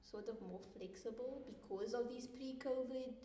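A woman's voice: fairly high pitch, moderate pace, warm tone. A teenage woman, co-hosting a student podcast in a rambling, casual way. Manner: rambling, full of fillers and restarts. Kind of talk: casual discussion. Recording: echoey room, distant mic, faint noise.

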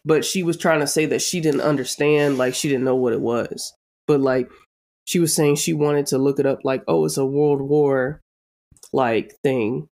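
Podcast co-host, casual chat, emphatic, repeats points, swears a lot, mid-pitched voice. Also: steady tone, moderate pace, a little mellow.

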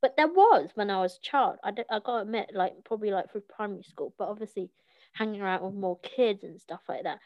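A woman's voice: medium pitch, fast, no echo, lo-fi sound. A young woman from South London with a British accent, chatting casually and animatedly, often restarting her sentences. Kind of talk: casual chat.

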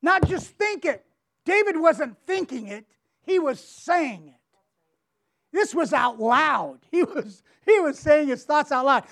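A high-voiced woman gives a devotional Bible teaching at an unhurried pace. She is emphatic, repeats words for stress and keeps asking rhetorical questions. She reads scripture aloud with feeling. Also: lively intonation, a bit bright.

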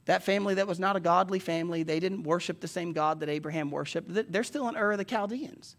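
Male pastor, high voice, emphatic sermon delivery, goes quiet then booms. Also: fast talker, creaky. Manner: emphatic preaching, swings from hushed to loud.

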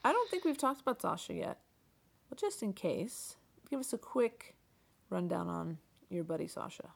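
A woman's voice: mid-range voice, sing-song, normal speed, vocal fry, husky. A woman hosting an interview, asking friendly, curious questions and slipping in playful jokes. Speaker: interviewer, host. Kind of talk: casual interview.

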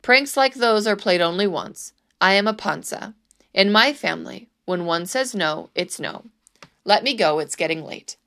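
A woman's voice: mid-range voice, lively intonation, moderate pace, vocal fry, a bit bright. A woman voicing a frightened, reluctant middle-aged peasant man made governor, pleading and protesting. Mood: firm.

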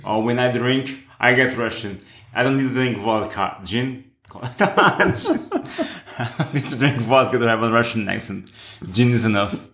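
A man's voice: mid-range voice, fairly bright tone. A man chatting as co-host of a podcast, loose and giggly. He trips over his words and restarts them often. His voice sits in an echoey room. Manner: laughs often, halting restarts. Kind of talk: casual podcast chat. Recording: roomy echo.

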